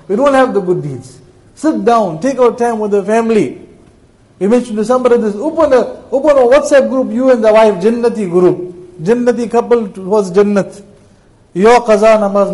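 A man with a high-sitting voice delivers a sermon built around a moral story, making emotional, impassioned appeals and alternating loud stretches with quiet ones. The recording quality is low.

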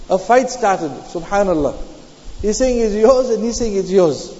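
High-voiced male preacher in an echoing hall. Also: animated, moderate pace, warm tone. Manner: repeats key phrases, mixes Arabic terms into English. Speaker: Islamic preacher. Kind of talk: sermon explaining Quranic commentary. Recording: dull lo-fi sound with long hall reverb.

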